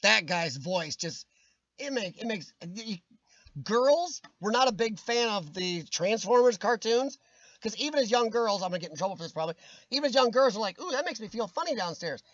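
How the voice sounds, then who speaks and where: A man's voice: sits high, animated, moderate pace, fairly bright tone, no echo, dull audio. A man hosting a casual livestream chat with a worn, nasal voice that sometimes cracks, jokey and rambling with frequent laughs. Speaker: livestream host. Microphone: webcam.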